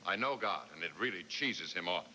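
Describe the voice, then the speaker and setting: A wry, deadpan heavenly boss in a 1990s sitcom. His low voice still moves freely, with loud hiss from an old TV copy. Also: a little fast. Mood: dry. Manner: dry, deadpan wit. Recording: noisy, hissy TV recording.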